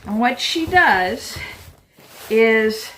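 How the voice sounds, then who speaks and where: A woman's voice: fairly high pitch, animated, very slow, a bit bright, slight background noise, poor audio. A woman vlogging from her home kitchen, chatting casually and poking fun at herself as she explains a kitchen project. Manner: chatty and self-deprecating. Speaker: homesteading vlogger. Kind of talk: casual vlog narration.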